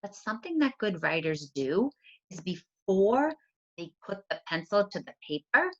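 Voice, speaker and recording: A woman teacher on a video call, telling a story in an animated storyteller voice for a writing lesson. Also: mid-range voice, moderate pace. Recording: dull lo-fi sound.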